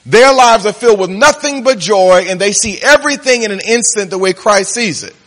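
With lively intonation, a pastor with a high-pitched voice works the congregation, drawing out important words before racing ahead and laughing at his own jokes. His volume shifts from soft to loud, echoing through a large hall with lingering reverb.

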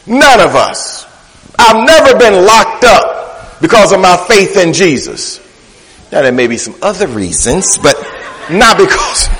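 Male pastor, high voice, rhythmic preacherly sermon with playful asides; long church reverb. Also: big pitch swings, unhurried, fairly bright tone, slightly rough.

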